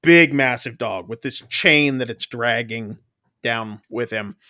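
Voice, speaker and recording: A man's voice: medium pitch, takes it slowly, pushed and bright. A man co-hosting a casual movie review, retelling the plot loosely with many fillers. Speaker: podcast co-host.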